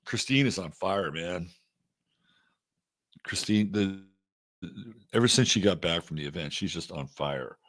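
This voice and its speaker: Low-voiced man hosting a casual livestream. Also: expressive, a little slow, pauses often, fairly bright tone, no echo, studio quality. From Texas. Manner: loose, chatty, greets viewers by name. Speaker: astrology livestream host.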